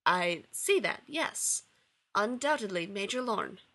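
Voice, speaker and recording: A woman's voice: medium pitch, animated, slow, bright, forceful tone, heavily acted. A woman voicing a polite, formal male scientist who speaks in stiff, courteous phrases. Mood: polite, bemused.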